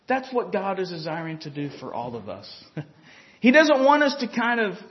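A man with a notably high voice preaches a sermon in an easygoing, talkative way, chuckling now and then and checking in with his listeners. The recording is dull and lo-fi, with a muffled top end. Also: very animated, normal speed. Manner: conversational preaching, chuckles, frequent "you know".

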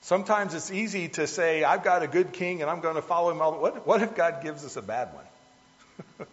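A man's voice: fairly high pitch, lively intonation, normal speed. A man preaching a sermon in a conversational, folksy manner, talking to the congregation as folks. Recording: dull lo-fi sound with long hall reverb.

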